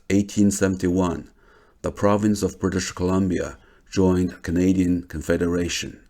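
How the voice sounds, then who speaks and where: A man giving a measured, scripted documentary narration. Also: low-pitched, vocal fry, darkish tone.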